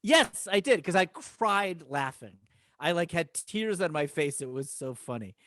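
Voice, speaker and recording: Dry-sounding man telling animated stories. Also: fairly high pitch, measured pace, no room sound. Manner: animated storytelling, laughs often. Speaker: improv teacher, podcast guest. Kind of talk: casual chat.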